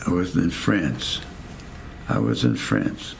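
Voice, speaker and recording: An American man in his nineties tells a war story in a rambling oral-history interview, repeating phrases and acting out the voices he quotes. His voice is low, gravelly and slow with a sing-song lilt, and there's slight background noise.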